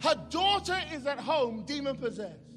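A man preaching a sermon in a church hall, loud and impassioned, acting out voices as he tells stories. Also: very high-pitched, big pitch swings, normal speed. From England. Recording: long hall reverb, faint music.

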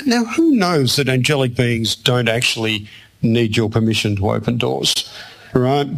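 A man's voice: mid-range voice, measured pace, gravelly, a bit bright. A man preaching a sermon to a room, telling a personal story and acting out the other people's lines. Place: church hall with audience.

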